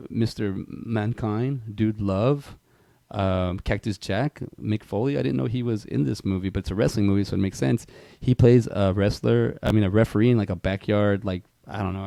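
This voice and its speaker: A man co-hosting a movie podcast, chatting casually and telling animated stories. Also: fairly low pitch, creaky, dry recording. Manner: animated storyteller, loud impressions in anecdotes. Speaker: podcast co-host. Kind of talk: casual chat.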